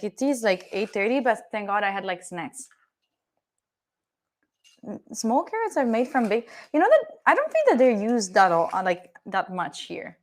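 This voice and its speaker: A woman's voice: a little high, darkish tone. A young woman with an Italian accent, chatting casually and playfully with her live-stream viewers while she cooks at home, swearing now and then. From Italy. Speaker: livestreamer. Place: home kitchen with door open.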